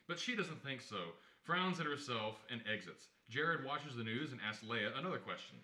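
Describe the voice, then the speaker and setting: Man narrating stage directions, lively, bright, jokey asides, roomy echo. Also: mid-range voice, moderate pace. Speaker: organizer and stage-direction reader. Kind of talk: play reading narration.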